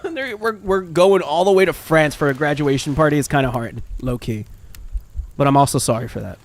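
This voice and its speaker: A man's voice: on the high side, brisk. Rambling, swearing male streamer. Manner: rambling, self-mocking, swears freely. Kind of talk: casual gaming stream chat.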